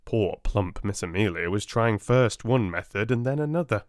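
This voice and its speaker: A British man narrating a classic novel as an audiobook in an unhurried, expressive way. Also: on the low side, no room sound, clean studio sound. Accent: British English. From Britain.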